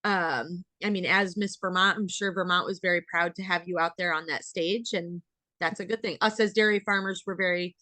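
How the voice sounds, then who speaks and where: A woman's voice: on the low side, steady tone, normal speed, pushed and bright, dry recording. A young adult woman with an American accent, a dairy farmer hosting a casual interview podcast and talking in a rambling way full of fillers.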